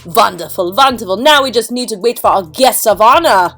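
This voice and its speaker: A woman's voice: medium pitch, animated, fairly quick, fairly bright tone, soft background music. A woman voicing the scheming, fawning master of a haunted house in a toy play story. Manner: fawning, repeats "wonderful".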